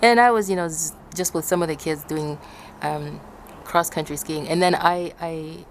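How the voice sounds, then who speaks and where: A woman's voice: normal speed, slight background noise. A woman from Ecuador casually telling a story to her viewers, acting out what people said and laughing often. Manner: animated, acts out quotes in high shouts, laughs often. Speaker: vlogger.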